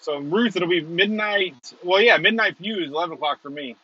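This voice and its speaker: A man's voice: high-pitched, a little fast, slightly rough, no room sound, muffled recording. A man hosting a storm-chasing livestream, rambling and chuckling as he chats casually from a moving car. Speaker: storm chaser, stream host. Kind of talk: casual live chat while driving.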